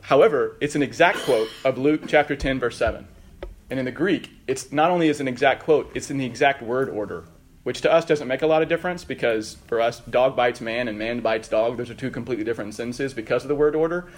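A man's voice: medium pitch, fast. A middle-aged man teaching a Bible class in a conversational lecture style, with asides and emphatic readings of quotes.

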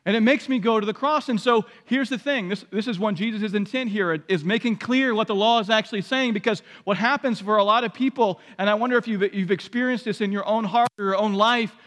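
A man preaching a sermon as pastor, emphatic and repeating his key phrases, often climbing to loud peaks. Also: high voice, brisk, hardly any pauses. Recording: long hall reverb.

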